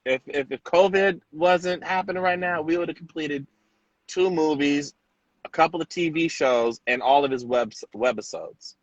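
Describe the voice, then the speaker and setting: A man, a hairstylist, telling a lively story in an interview and acting out the people in it. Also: a little high, normal speed, no echo, lo-fi sound. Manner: animated storyteller acting out quotes. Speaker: celebrity hairstylist, guest.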